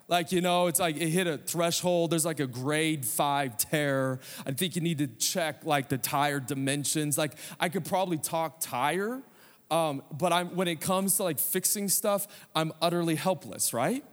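A man's voice: fairly high pitch, measured pace, big-room sound. A man preaching a sermon as pastor, telling a humorous story with conversational asides.

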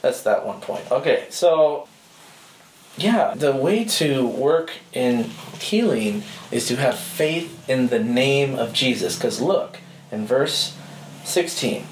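A man's voice: mid-range voice, animated, takes it slowly, a little hiss or hum. A man giving an informal sermon, telling stories in a conversational way and laughing often. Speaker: speaker teaching a church group. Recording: roomy hall with faint ambience.

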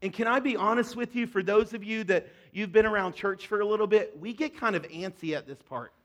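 Earnest high-voiced male pastor preaching. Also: fairly quick. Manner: earnest, swings from soft and hushed to loud emphatic peaks. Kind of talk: sermon. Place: church stage before a congregation.

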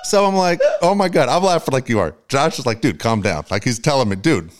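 A man co-hosting a casual radio podcast, telling stories in a profane, animated way. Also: mid-range voice, fairly quick, background noise. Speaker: co-host.

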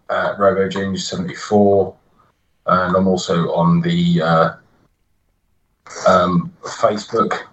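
A man's voice: deep voice, a bit bright, lo-fi sound. A man co-hosting a podcast in casual chat, hesitant with many fillers and some swearing. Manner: hesitant, lots of ums, profane. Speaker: podcast co-host.

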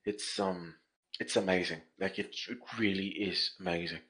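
A man, a chef guest on a podcast, chatting casually and telling animated stories with many repeated words. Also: sits low, moderate pace, rough recording. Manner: animated storyteller, repeats words, laughs easily. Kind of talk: casual chat.

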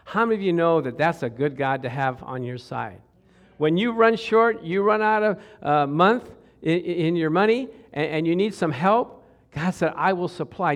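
Middle-aged male preacher, easygoing sermon voice, keeps asking the congregation questions. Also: a little high. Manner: conversational, asks the crowd questions, jokes and laughs.

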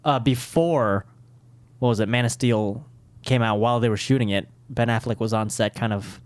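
A man co-hosting a casual pop-culture chat, excitable and joking, with slangy talk. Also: medium pitch, moderate pace, no echo. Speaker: podcast co-host.

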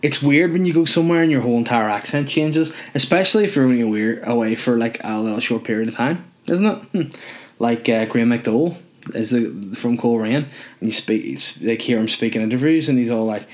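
A man hosts a solo comedy podcast at a medium pitch. He rambles from one joke to the next with quick asides, then circles back to his point. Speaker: podcast host.

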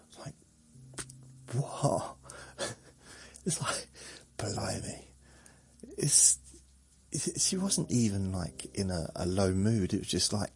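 A man's voice: on the low side, animated, takes it slowly, gravelly. A man hosting a sleep podcast, meandering through a rambling monologue and chuckling at himself. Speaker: podcast host.

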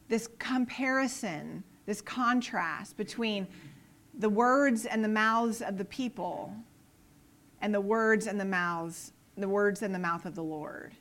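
A woman's voice: a little high, fairly bright tone. A woman giving an earnest Bible teaching on the Psalms, emphatic and fond of repeating her phrases.

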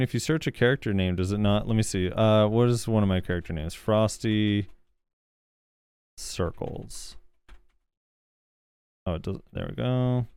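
Viewer comments get read out by this gaming podcast co-host, who reacts loosely and hesitantly with frequent fillers. He speaks in a lowish, darkish, clean voice with no room sound.

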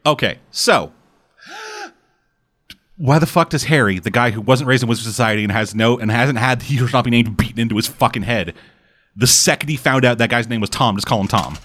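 A man's voice: mid-range voice, fairly quick, a bit bright. Profane, rambling young man chatting. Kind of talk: casual chat.

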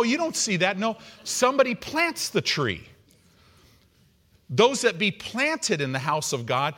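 A middle-aged man preaching an evening sermon, animated and conversational, acting out the people he quotes. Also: on the high side. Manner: animated, acts out quoted voices. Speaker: pastor.

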